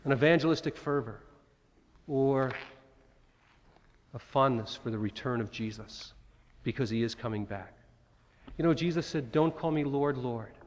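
A man's voice: mid-range voice, dull audio. A man preaching a sermon, dramatically acting out the cries of Bible figures. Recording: long hall reverb.

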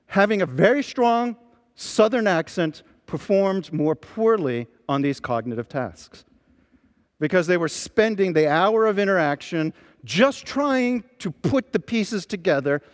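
A man preaching a sermon, telling stories with lively emphasis as a pastor. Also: high voice, in a large hall. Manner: animated storytelling preacher.

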